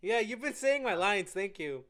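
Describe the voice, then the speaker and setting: A man's voice: high-pitched, expressive, normal speed, fairly bright tone. A young man chatting casually with friends, hesitant and stumbling over his words. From Mexico. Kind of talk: casual chat.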